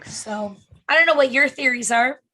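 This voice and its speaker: A woman's voice: sits high, normal speed, pushed and bright. A woman co-hosting a casual comedy podcast, chatty and loose, trailing off with fillers and the odd swear word. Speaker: podcast co-host.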